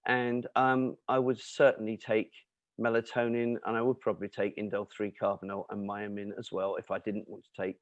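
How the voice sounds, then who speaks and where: A man answering questions in an explanatory talk, lecturing in an animated way with emphatic asides and fillers. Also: fairly low pitch, a little fast, no echo, dull audio. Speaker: nutrition and cancer speaker answering questions.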